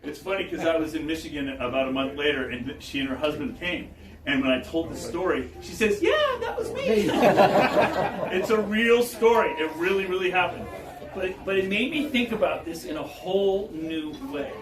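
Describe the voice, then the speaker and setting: A man delivering a storytelling talk to an audience with an animated, chuckling manner. His voice sits a little high and is picked up from a distance in an echoey room. Faint background noise runs underneath. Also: fairly quick, a crowd in the background. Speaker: guest speaker.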